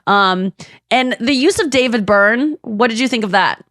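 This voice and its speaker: A woman hosting a podcast in a casual chat, animated, slipping into exaggerated voices for quotes and laughing as she talks. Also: fairly high pitch, moderate pace, no echo, clean studio sound. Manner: frequent restarts and laughter while talking. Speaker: podcast host.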